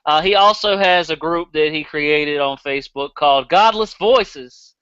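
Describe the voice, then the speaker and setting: A man's voice: on the high side, unhurried, a bit bright, clear, resonant tone, no room sound, highs cut off. A man with a Southern accent hosting a casual podcast, blunt and profane, laughing easily. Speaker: podcast host.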